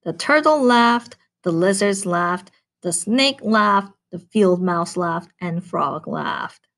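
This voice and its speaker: A woman teacher reading a picture book aloud to children, animated and adding chatty asides. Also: lowish voice, takes it slowly.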